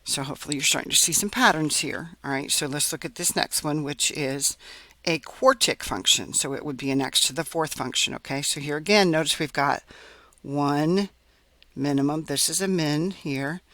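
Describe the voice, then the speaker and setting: A man with a somewhat high, pushed and bright voice teaches a recorded math lesson at normal speed, working on a graph step by step and often checking in with "right?" and "okay?". There's no echo.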